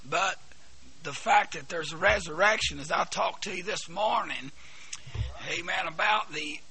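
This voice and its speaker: A hoarse man preaching a sermon, halting and repeating words, then bursting into shouts. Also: high voice. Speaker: pastor. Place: church.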